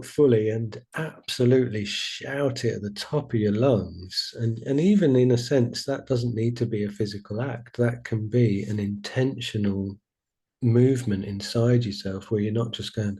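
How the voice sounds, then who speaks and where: A man hosting a casual spiritual conversation, talking in an animated way and acting out inner voices. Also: on the low side, moderate pace, slightly rough. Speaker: podcast host.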